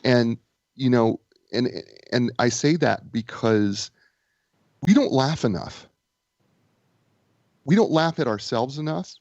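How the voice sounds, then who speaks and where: Man, animated storyteller, stammering restarts, dry dull sound. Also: mid-range voice, takes it slowly, pauses often, no room sound. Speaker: author and business coach, guest. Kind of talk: casual interview chat.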